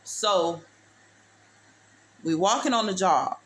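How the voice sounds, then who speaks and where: A woman's voice: fairly low pitch, expressive, slow, fairly bright tone. A woman giving a preachy motivational testimony. She talks emphatically and repeats herself, calls the listener baby and uses street-talk phrasing. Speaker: speaker sharing testimony.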